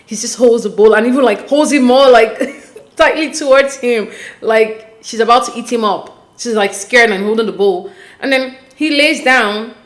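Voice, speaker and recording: A woman with a fairly high voice talks through a reality-show recap in a casual, conversational way. She speaks straight to her viewers, animated and exasperated as she calls out what she saw. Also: moderate pace. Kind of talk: casual commentary.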